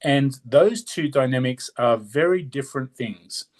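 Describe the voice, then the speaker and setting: A man's voice: mid-range voice, animated, measured pace, darkish tone. A man with an Australian accent co-hosting a podcast in casual chat, talkative and prone to tangents. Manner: chatty, rambling, steers off on tangents. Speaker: podcast co-host.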